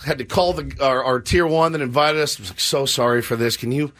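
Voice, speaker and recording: Speaking fairly quickly in a mid-range voice, a middle-aged man hosts a radio show and jokes at his own expense. His animated storytelling banter keeps switching into the quoted voices of the people involved.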